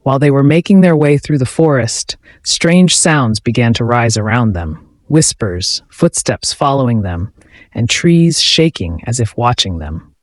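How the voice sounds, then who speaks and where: A male narrator reads a horror story in a steady, measured delivery. His voice sits at a middle pitch. The sound is dry and close, with no room echo.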